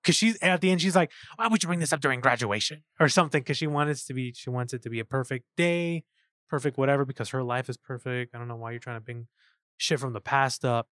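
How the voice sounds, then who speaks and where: A man co-hosting a casual film review podcast, excited and profane, acting out lines from scenes. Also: mid-range voice, quick pace, no echo, clean studio sound. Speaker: podcast co-host.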